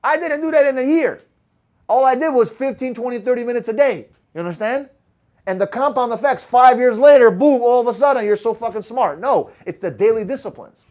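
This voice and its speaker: High-pitched, fast-talking, foul-mouthed sales coach. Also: male voice, a little mellow. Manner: blunt and profane, firing rhetorical questions at the audience. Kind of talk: motivational talk to a live group.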